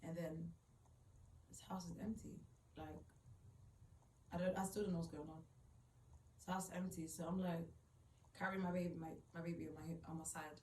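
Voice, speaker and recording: A woman's voice: on the low side, level tone, normal speed, long pauses, warm tone, slight background noise. A woman retelling a personal story in an emotional, rambling way, full of "like". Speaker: vlogger. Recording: roomy, distant mic, faint ambience.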